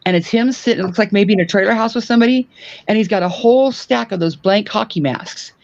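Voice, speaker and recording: A man chatting as a guest on a livestream, halting and restarting his words as he talks. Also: high-pitched, vocal fry, muffled recording. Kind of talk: casual chat.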